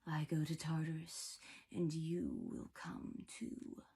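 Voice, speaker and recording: A woman voicing a menacing giant female spider in a slow, hissing whisper. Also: sits low, sing-song, vocal fry, dark tone, breathy edge, heavily acted.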